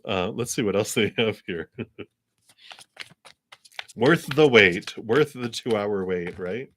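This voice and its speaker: A man with a very low, deep voice reading tarot cards on a live stream. He speaks in a gentle, spiritual manner, chuckles often, and drifts through fillers as he goes. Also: takes it slowly, slight background noise. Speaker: tarot card reader.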